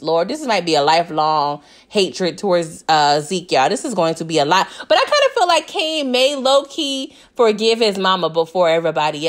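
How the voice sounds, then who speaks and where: A woman casually recapping a TV episode. She talks in an animated way, laughs often and keeps asking her listeners "okay?". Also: mid-range voice. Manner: slips into voices when quoting characters. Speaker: TV recap vlogger.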